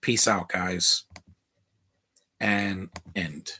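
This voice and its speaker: A man's voice: low-pitched, fairly even intonation, extremely slow, bright, forceful tone, slight background noise. A man hosting a live movie commentary stream, blunt and opinionated, rambling with restarts.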